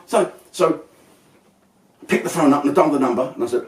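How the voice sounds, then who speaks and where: A man's voice: on the high side, fairly quick, pauses often, far from the mic. A man telling a crude, brash comic story, acting out the people in it. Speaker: comedian. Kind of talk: stand-up storytelling. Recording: roomy and off-mic.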